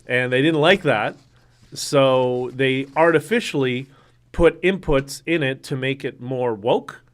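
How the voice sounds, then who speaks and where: A man's voice: mid-range voice, takes it slowly. Rambling man hosting a livestream. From Canada. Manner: rambling, many fillers and restarts. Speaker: livestream host. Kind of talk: casual solo livestream reading viewer comments.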